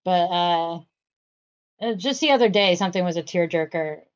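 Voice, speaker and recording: A woman's voice: on the low side, moderate pace, muffled recording. A woman co-hosting a casual podcast, telling stories in a chatty way with plenty of fillers. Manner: chatty storyteller, many fillers. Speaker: podcast co-host. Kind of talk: casual chat.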